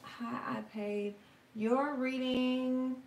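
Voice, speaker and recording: A woman hosts a tarot live stream, her high voice fairly even in intonation, words drawn out and a little mellow. She sits back from the mic in a roomy space, with faint ambience and slight background noise. Chatty and slangy, she reads viewer comments aloud, answers them, and swears now and then.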